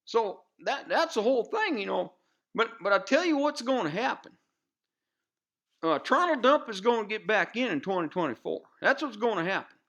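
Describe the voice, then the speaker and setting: Guy doing a rambling redneck news pundit, southern drawl, highish bright voice, kinda dull lo-fi audio. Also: big pitch swings, moderate pace, heavily acted. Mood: ranting. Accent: Southern US rural. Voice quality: folksy drawl, rambling with constant fillers. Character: loud-mouthed male redneck commentator, grumbling and bigoted. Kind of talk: comedic character monologue.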